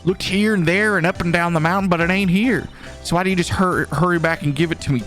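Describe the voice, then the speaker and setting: A man's voice: sits high, fast, a bit bright, soft background music, voice pushed up. A man voicing a brash, demanding woman with a Southern US drawl.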